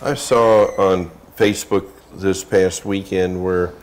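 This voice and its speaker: A man's voice: low voice, fairly even intonation, slow pace. A man hosting a casual local TV chat in a folksy, chatty way. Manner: folksy, chatty, says y'all. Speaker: TV show host.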